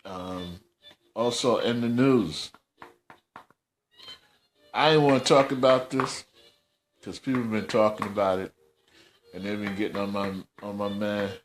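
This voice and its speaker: A man's voice: lowish voice, fairly even intonation, measured pace, long pauses, faint music behind. A man hosting a casual commentary podcast, scolding in slangy, repetitive talk. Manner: scolding, slangy, repeats himself. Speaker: host.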